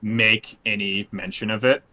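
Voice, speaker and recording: A man's voice: lowish voice, steady tone, a little slow, bright, forceful tone. A man working as game master, calling out turns and patiently explaining spell rules, laughing often. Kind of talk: running a tabletop game.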